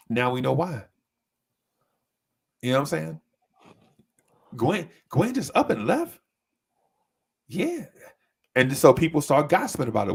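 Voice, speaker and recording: A man telling a story in casual chat, animated and often breaking into high voices to mimic people. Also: measured pace, creaky, long pauses, husky. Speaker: podcast co-host.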